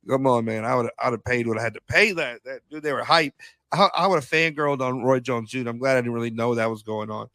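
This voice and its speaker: A man co-hosting a casual podcast, telling animated stories, acting out quotes, swearing and laughing often. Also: medium pitch, fast talker, dry recording. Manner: slangy, swears. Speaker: podcast co-host. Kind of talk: casual chat.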